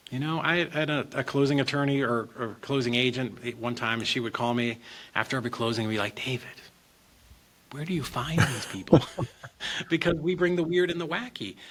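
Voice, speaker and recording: A middle-aged man tells stories on a podcast as a guest, animated and expressive as he acts out the people in them. His voice is bright and forceful, at an average pitch for a man. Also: fast. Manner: animated, expressive storyteller who acts out quotes. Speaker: real estate investor guest. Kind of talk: casual podcast storytelling.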